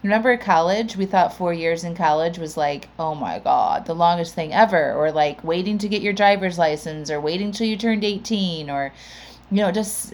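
A woman's voice: on the low side, a little mellow. A woman hosting a podcast and talking in a chatty, upbeat way, with a lot of casual "like"s. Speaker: podcast host and coach.

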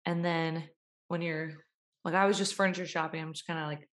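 A young woman talks casually and motivationally, chatting along and slipping into quick little voices to act out everyday scenes. Her voice sits a bit low and has a gravelly, fry-tinged edge. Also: steady tone, fairly bright tone.

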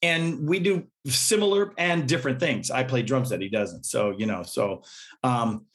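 A middle-aged male musician, appearing as a guest in a relaxed interview, tells stories at a moderate pace in a mid-range voice. He's an animated storyteller who laughs and acts out the quotes.

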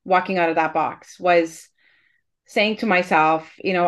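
A woman hosts a heartfelt podcast conversation in a fairly low voice. She speaks earnestly and reflectively, often restarting a thought before she finishes it. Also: steady tone, a little slow. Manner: earnest and reflective, with frequent restarts and soft laughs. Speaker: podcast host.

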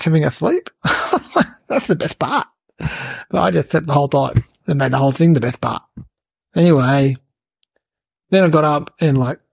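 A mischievous little boy with a low, gravelly, husky voice, played by a woman, rambling through his story with deadpan childlike logic. The sound is dry and close. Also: dry recording, exaggerated voice. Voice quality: creaky, husky. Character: cheeky mischievous little boy, clueless and carefree. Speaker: podcast comic character narrator. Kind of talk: comic character monologue.

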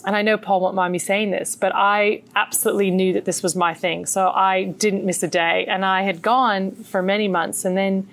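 A middle-aged woman with an Australian accent, a meditation teacher telling her story as an interview guest in an earnest, animated way. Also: medium pitch.

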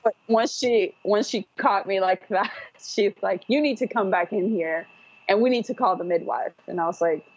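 A woman's voice: mid-range voice, normal speed, husky. Woman rambling through a personal story. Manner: rambling, with frequent fillers and restarts. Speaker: guest telling her birth story. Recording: dull, dry podcast audio.

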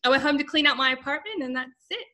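Bright-voiced American woman, laughing often. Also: high-pitched, fast talker, poor audio. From United States. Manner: laughs often, chatty and animated. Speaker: interview guest, copywriter. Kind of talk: casual interview chat.

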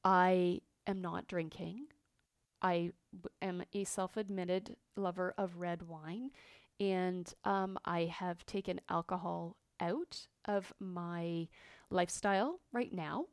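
A woman hosting a podcast, talking openly and earnestly about her feelings, with frequent pauses and fillers. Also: fairly low pitch, fairly even intonation, no room sound, clean studio sound. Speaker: podcast host. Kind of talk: personal reflective monologue.

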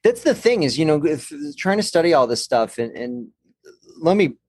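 A man's voice: fairly high pitch, very animated, normal speed, a little mellow, husky, no echo. A man, a guest expert, giving a conversational explanation of balance and the brain, thoughtful, with many restarts.

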